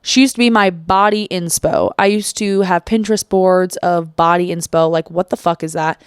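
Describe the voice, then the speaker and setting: A young adult woman hosting a solo podcast, talking casually and confessionally, swearing freely and getting animated. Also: fairly low pitch, normal speed, clear, resonant tone, no echo, clean studio sound. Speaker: podcast host. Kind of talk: candid solo podcast monologue.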